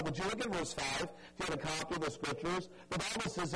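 A man delivers an evangelistic sermon, dramatically telling a story and earnestly pleading with his listeners, softening and drawing out key words for emphasis. His pitch is fairly high and expressive, his pace a little fast with few pauses. The audio quality is poor.

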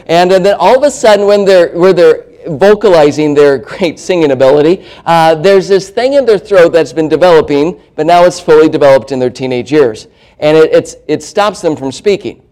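A man preaching a sermon to young people, acting out parents and teens in put-on voices, some of them high and squeaky, before an audience in a church hall. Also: normal speed, darkish tone. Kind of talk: sermon to youth.

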